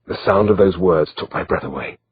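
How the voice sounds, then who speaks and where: A man reading a medieval novel aloud as an audiobook narrator, in a steady, measured way. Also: sits low, dull audio, a little hiss or hum.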